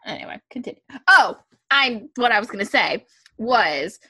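A woman's voice: a little high, lively intonation, normal speed, pushed and bright, husky, dry recording, clean studio sound. A woman co-hosting a podcast, chatting casually and animatedly as she recaps a TV episode, with plenty of filler words. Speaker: podcast co-host.

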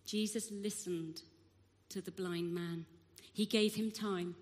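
A woman giving a sermon, telling a Bible story with expressive delivery and acting out the crowd's voices. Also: medium pitch, slow pace. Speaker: preacher. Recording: long hall reverb.

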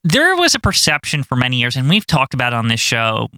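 A man's voice: mid-range voice, wildly swooping pitch, a little fast, bright, forceful tone, clear, resonant tone, no echo. A man co-hosting a casual podcast with dry, joking banter. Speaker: podcast co-host.

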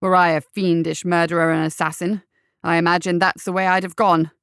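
A woman voicing a pompous little bald male army captain in an audiobook, with a loud, hearty military bark. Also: on the low side, flat delivery, a little fast, smooth, no room sound, studio quality. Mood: blustering.

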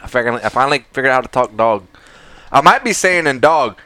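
A man's voice: mid-range voice, expressive, fast talker, pushed and bright. A man co-hosting a podcast in loose, joking, profane chat, laughing often. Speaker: podcast co-host. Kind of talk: casual chat.

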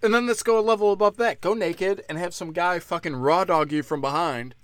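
A man's voice: sits high, fairly quick, no echo. Profane, mocking ranting man, dry sound. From Pennsylvania. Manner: sarcastic rhetorical questions. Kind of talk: solo political rant.

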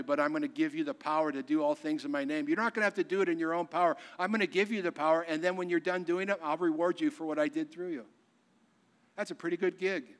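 A man preaching a sermon as pastor, swinging from hushed, intimate lines to loud, excited ones and acting out quoted lines in a casual voice. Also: on the high side.

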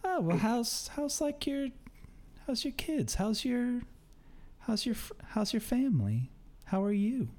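A man's voice: very high-pitched, big pitch swings, a little slow, warm tone, voice pushed up, heavily acted. Man voicing a fretful frail old lady. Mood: pleading. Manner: quavering, repetitive small talk. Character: lonely frail elderly woman, clingy and fretful.

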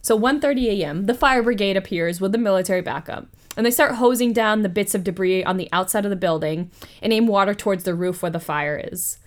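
A woman hosting a podcast. She retells a story in a casual, animated way, with profane asides. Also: mid-range voice, quick pace. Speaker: podcast host.

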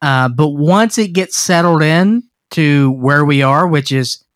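A man's voice: a little high, takes it slowly, no room sound, studio quality. A man co-hosting a podcast, chatting casually about horror films in a rambling, joking way with many restarts. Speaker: podcast co-host.

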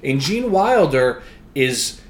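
A man's voice: medium pitch, sing-song, slow pace. A man co-hosting a podcast, chatting casually and admiringly about a film, often stumbling and repeating words. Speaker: podcast co-host. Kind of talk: casual film discussion chat.

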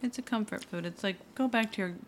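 A woman's voice: medium pitch, fast talker, slight background noise. Agreeable woman co-hosting a podcast. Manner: agreeable, with frequent short backchannels. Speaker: podcast co-host. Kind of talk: casual chat.

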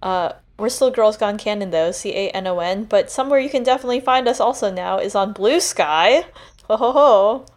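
A woman's voice: mid-range voice, a little fast, hardly any pauses. Easygoing woman podcast host. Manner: easygoing, self-deprecating. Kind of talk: casual chat.

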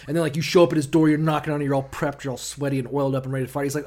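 A man's voice: mid-range voice, steady tone, very fast, few pauses, darkish tone. A man co-hosting a casual podcast, swearing freely and acting out the people in his stories. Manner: profane, acts out quoted voices. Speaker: podcast co-host. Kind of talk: casual irreverent chat.

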